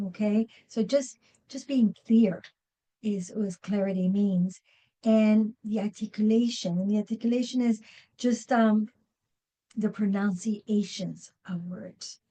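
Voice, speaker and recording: A woman leads a workshop in a meeting room, speaking at an unhurried pace in a mid-range voice. She often restarts her sentences and fills pauses with "um". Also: medium pitch, mellow, poor audio. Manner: slow, many fillers and restarts. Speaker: workshop presenter. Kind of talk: live seminar talk.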